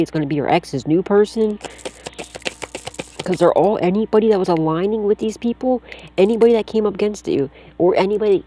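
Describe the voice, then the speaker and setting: A woman with a dark, mellow voice talks her way through a tarot reading in a loose, off-the-cuff style. She is blunt and full of slang, swears freely, and keeps reassuring the listener directly. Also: on the low side, slight background noise. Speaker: psychic tarot reader. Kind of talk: casual spoken tarot reading.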